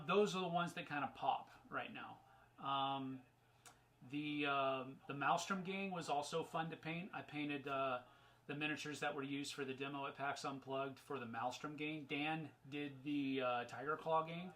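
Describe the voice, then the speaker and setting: A man hosts a casual live-stream Q&A from his desk, answering viewer questions in a loose, rambling way full of fillers and restarts. His voice sits a bit high and rings bright and forward. On topics he enjoys he turns emphatic and upbeat. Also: low-quality recording. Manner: gets excited and emphatic on fun topics.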